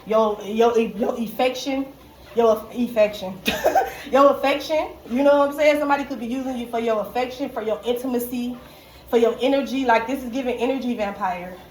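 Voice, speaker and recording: A woman's voice: on the high side, a little fast, darkish tone. A woman giving a casual tarot reading, slangy and profane, who keeps checking in with "okay?" and laughs often. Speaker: tarot reader. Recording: echoey room with faint background noise.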